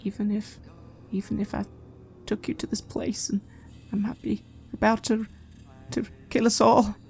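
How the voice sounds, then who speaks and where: A woman's voice: mid-range voice, level tone, normal speed, creaky, darkish tone, pitched above the performer's own voice, close to an everyday voice. A woman voicing a frightened, guilt-ridden young man who stammers and sobs as he pleads. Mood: hushed despair.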